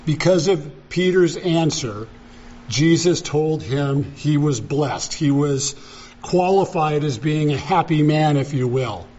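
A male pastor delivers a sermon at an unhurried, deliberate pace, driving home each point with emphatic repetition. His voice sits a bit higher than most men's. The recording is dull and lo-fi. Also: darkish tone.

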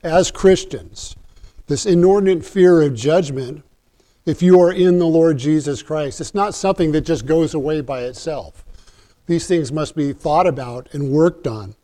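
A man's voice: on the high side, measured pace, warm tone. A man preaching a sermon in an earnest, emphatic way, often restarting his sentences.

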